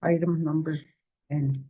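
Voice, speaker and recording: Woman chairing a meeting, low voice. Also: breathy edge. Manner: procedural, measured. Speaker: board chair. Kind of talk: formal meeting business. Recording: muffled lo-fi meeting recording.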